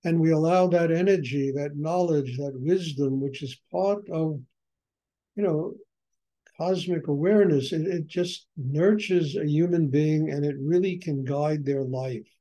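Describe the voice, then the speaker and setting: An older man giving a reflective spiritual talk as a teacher, unhurried, full of "you know" fillers and lists of repeated phrases. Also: a little high, warm tone, poor audio.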